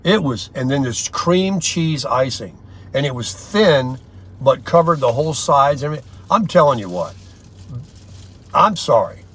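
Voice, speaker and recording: An older man vlogging from inside a car, telling stories in a rambling, chatty way with lots of pauses and fillers. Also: medium pitch, expressive, a bit bright, husky. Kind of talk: casual daily vlog chat.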